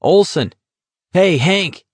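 A man's voice: medium pitch, animated, moderate pace, a little mellow, dry recording, close to an everyday voice. A man reading aloud, voicing a sardonic young man who teases the others in a mock-cheerful, sing-song way. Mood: needling. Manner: teasing, sing-song baiting.

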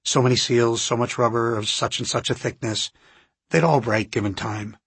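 A man with a husky voice voicing a calm senior male scientist who speaks in a measured, reassuring way in an audiobook. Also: mid-range voice, no echo.

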